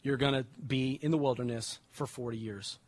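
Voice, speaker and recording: A man's voice: medium pitch, steady tone, darkish tone, no room sound. Man preaching in a dry, close room. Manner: reads scripture slowly, then explains in casual everyday words. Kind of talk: sermon reading and explaining scripture.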